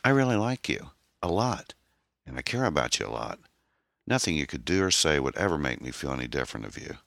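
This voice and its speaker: A man's voice: rumbling low, big pitch swings, brisk, creaky, a bit bright, no echo, studio quality, exaggerated voice. A man voicing a caring young man who speaks in an earnest, reassuring way.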